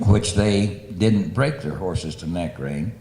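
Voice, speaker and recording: A man's voice: sits low, sing-song, takes it slowly, darkish tone. A man who trains stunt horses, telling a plain, matter-of-fact story in an interview. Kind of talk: casual anecdote telling. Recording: echoey room.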